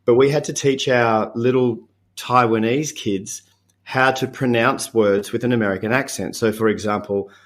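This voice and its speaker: A man in his fifties with an Australian accent, a podcast guest talking in a relaxed, reflective way with frequent chuckles and halting restarts. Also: medium pitch. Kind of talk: casual interview chat.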